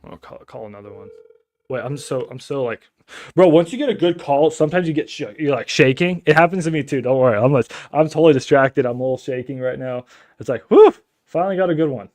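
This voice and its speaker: A man, running a casual live stream from his home office and chatting excitedly with viewers. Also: medium pitch, quick pace, no room sound. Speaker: wholesaler hosting a live stream. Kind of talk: casual live-stream chat and phone call.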